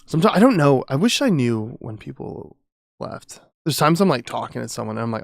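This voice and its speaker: A rambling male streamer and audio engineer talks with his chat from a home studio lined with sound panels, swearing freely as he goes. His voice has a gravelly edge and a lively, bouncing melody. The sound is dry and close. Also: mid-range voice, a little fast, no echo. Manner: rambling, swearing, chatty with viewers. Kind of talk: casual live-stream chat.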